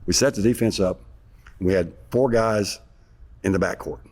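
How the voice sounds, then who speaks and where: A man being interviewed, retelling an old story in a rambling, animated way with some sarcasm. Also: on the low side, moderate pace. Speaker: interview guest, former basketball player.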